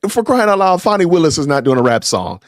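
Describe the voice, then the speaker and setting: A man's voice: a little high, sing-song, fast, no echo, clean studio sound. A middle-aged man hosting a podcast, delivering an indignant, stammering commentary rant and often repeating himself. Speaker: podcast host. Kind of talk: live-streamed commentary rant.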